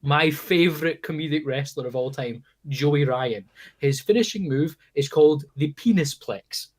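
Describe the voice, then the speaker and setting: A man's voice: a little high, moderate pace, darkish tone. A young man chatting casually on a podcast, enthusiastic and casually sweary. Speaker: podcast guest. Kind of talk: casual chat.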